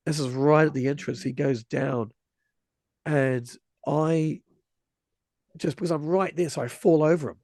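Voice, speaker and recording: A man's voice: on the high side, steady tone, unhurried, long pauses, a little mellow, no room sound. A man in his forties telling a story in casual conversation, rambling with many restarts and vivid retelling. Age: 40s.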